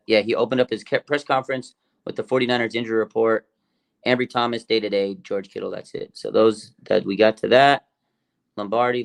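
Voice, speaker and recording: A man hosting a fan livestream, talking casually in an excited, rambling way with many fillers and restarts. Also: lowish voice, gravelly. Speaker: fan show host.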